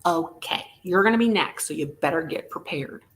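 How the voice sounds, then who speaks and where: A woman running a live vintage auction, chatty and full of jokes. Her voice sits a little low for a woman, and she bounces from bids to banter. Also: animated, moderate pace. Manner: playful, joking, chatty. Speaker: live sale host. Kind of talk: live online auction selling.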